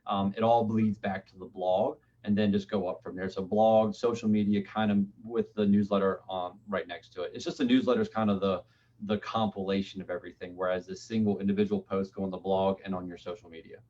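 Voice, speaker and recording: A man's voice: low voice, steady tone, brisk, dark tone. A man explaining digital marketing as a webinar guest, speaking loosely with frequent restarts. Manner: loose, restarts often, uses filler phrases. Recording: dull lo-fi audio.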